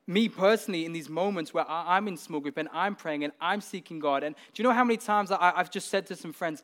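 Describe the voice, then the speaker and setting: A man's voice: a little high, a bit bright. A man preaching a sermon, earnest and building to emphatic peaks, often repeating words as he goes.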